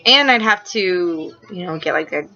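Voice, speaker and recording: A young woman and mother chatting casually in a home vlog. She fills her talk with fillers, jumps between topics and gets giggly and excitable. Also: fairly low pitch, moderate pace. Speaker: vlogger and mother. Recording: slightly dull home-video sound.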